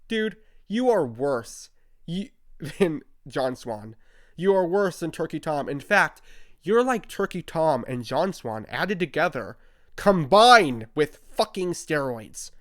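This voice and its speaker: A man's voice: on the high side, no echo, studio quality. A young man in an angry, profane commentary rant, mocking and heated as he reads out posts and answers them. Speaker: commentary YouTuber.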